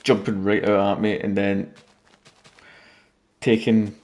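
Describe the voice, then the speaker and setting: A man's voice: lowish voice, flat delivery, slow pace, a little mellow. A man casually commenting on his gameplay late at night, rambling and joking with viewers. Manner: rambling, jokey, talking to viewers. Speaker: gaming YouTuber.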